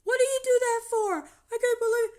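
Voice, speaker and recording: A woman's voice: fairly even intonation, brisk, darkish tone. A woman mimicking a whiny, clingy grown man. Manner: high, whining, pleading.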